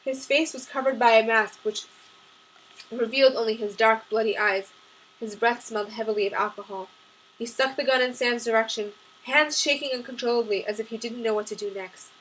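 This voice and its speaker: A woman's voice: fairly high pitch, steady tone, brisk, fairly bright tone, slight background noise, rough recording. A woman reading aloud from her own novel, chatting casually with ums before she begins. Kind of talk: audiobook-style chapter reading.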